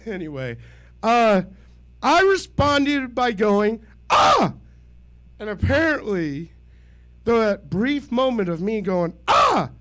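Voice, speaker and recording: A man in his thirties does stand-up at a small club mic. His voice sits high and he takes it slowly. He is deadpan and self-deprecating and chuckles at his own lines. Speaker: stand-up comedian. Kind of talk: stand-up set at an open mic. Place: small comedy venue.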